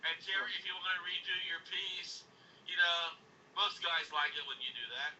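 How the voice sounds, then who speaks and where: A man's voice: high voice, normal speed, sharp tone, recorded from a distance. A man co-hosting a talk radio show from the board, with easygoing, joking banter. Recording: muffled radio audio with faint hiss, off-mic.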